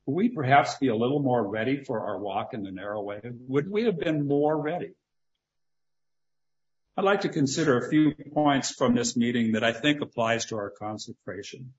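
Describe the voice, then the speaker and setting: A man's voice: mid-range voice, lively intonation, moderate pace. A male preacher delivering a sermon earnestly, addressing the congregation directly. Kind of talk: sermon, reading a story aloud. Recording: roomy, slightly dull recording.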